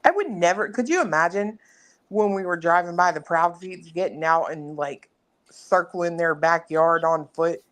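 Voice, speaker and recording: A woman's voice: on the low side, normal speed. A woman co-hosting a casual chat, talking loosely with lots of "like.". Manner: chatty, uses filler "like" a lot. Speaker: co-host.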